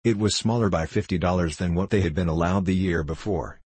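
A man narrating a story in a measured, unhurried audiobook reading. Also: low voice, a little mellow, husky, no room sound.

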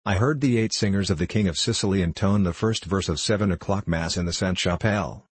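Teasing young student, male, read by a man, low, husky, mocking, audiobook. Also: fast talker, no room sound. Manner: mocking, playful.

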